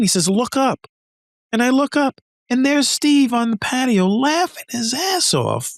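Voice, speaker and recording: A man's voice: very high voice, a little slow, no echo, studio quality. An older man, a retired engineer, telling stories as a podcast guest, acting out the voices of others and laughing often. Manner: animated storyteller, acts out dialogue, laughs often. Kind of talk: conversational storytelling.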